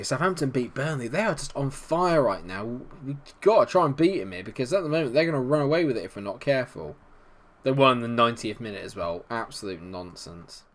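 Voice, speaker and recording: A young man talks through a football management game from close to the mic. He is chatty and jokey, and he breaks into excited play-by-play whenever a chance comes along. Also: mid-range voice. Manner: chatty, jokey and swings into excited match commentary. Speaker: gaming YouTuber. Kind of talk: football management gameplay commentary.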